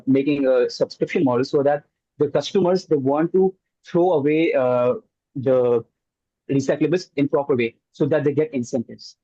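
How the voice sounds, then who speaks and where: A man's voice: on the high side, warm tone, no echo. Man answering judges, dull sound. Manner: explains at length with many uh fillers. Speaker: hackathon team member pitching.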